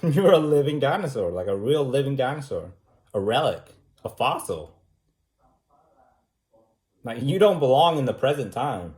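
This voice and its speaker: A man's voice: mid-range voice, big pitch swings, moderate pace, pauses often, darkish tone. A man teaching a debate class in an informal, talky way, firing off repeated rhetorical questions and using casual fillers.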